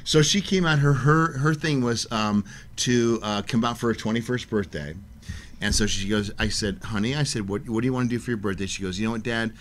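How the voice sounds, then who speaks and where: A middle-aged man chatting as a guest on a radio show, telling lively stories and acting out quotes in a raised voice. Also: lowish voice, brisk, slight background noise. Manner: animated storyteller, acts out quotes in a raised voice. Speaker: guest artist. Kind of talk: casual interview chat.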